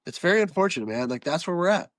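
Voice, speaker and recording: A man's voice: a little high, sing-song, very fast, fairly bright tone, no room sound. A man ranting as a podcast guest over a video call, profane, with a stuffed-up, nasal voice. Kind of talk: casual podcast chat.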